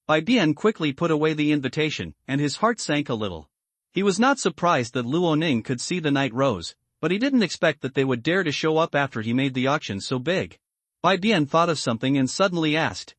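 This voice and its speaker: A man narrating a story recap in a steady, scripted reading. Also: a little high, normal speed, no echo.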